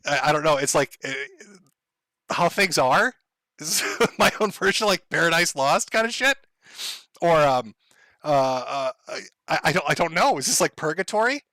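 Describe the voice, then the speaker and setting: Bright, sardonic male streamer. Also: on the high side, no echo. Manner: rambling, sardonic, profane, laughs often. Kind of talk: casual livestream monologue.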